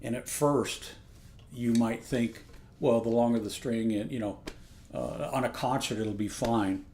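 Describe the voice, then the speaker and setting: A man of middle pitch talks through a ukulele review in a loose, unscripted way. He rambles, restarts his sentences and gets keen about what he hears. Ukulele plucking sounds behind him. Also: fairly even intonation, a little slow, warm tone, slight background noise. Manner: rambling, self-correcting, enthusiastic. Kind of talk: casual spoken product review. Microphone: external phone microphone.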